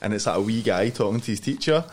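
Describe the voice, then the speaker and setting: A man's voice: fairly low pitch, expressive, quick pace, slight background noise. A young man with a Scottish accent, co-hosting a podcast in casual chat, laughing and mimicking people in funny voices. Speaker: podcast co-host.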